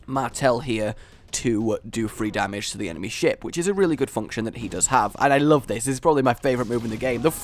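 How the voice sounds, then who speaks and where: A young man hosting a gaming video, giving excited play-by-play commentary with loud triumphant outbursts. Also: medium pitch.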